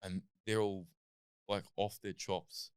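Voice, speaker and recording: Brief: animated Australian guy, storyteller, lowish voice. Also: takes it slowly, clean tone. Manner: animated, lots of "like" and "I'm like". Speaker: guest, athlete and comedian. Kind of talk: casual interview storytelling.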